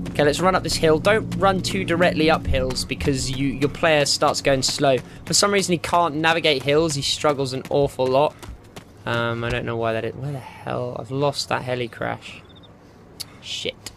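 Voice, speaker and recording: A man's voice: medium pitch, fairly bright tone. A young man giving rambling, jokey gameplay commentary, talking to himself as he plays. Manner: rambling, jokey self-talk. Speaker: gaming channel host.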